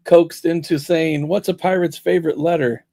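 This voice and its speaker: A man's voice: fairly high pitch, fairly even intonation, moderate pace, gravelly, mellow. A man co-hosting a casual chat show in a jokey way, telling dad jokes. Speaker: co-host.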